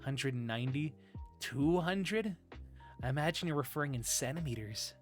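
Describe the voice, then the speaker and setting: A man streaming live, chatting in a soft, breathy, put-on high "femboy" voice close to the mic, giggling and reading chat aloud. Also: normal speed, soft background music.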